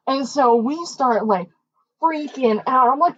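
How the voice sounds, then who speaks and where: A young woman co-hosting a podcast, telling a story casually and acting out the quoted voices with big jumps in pitch. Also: expressive, slow, no room sound. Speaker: podcast co-host. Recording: dull, dry lo-fi mic.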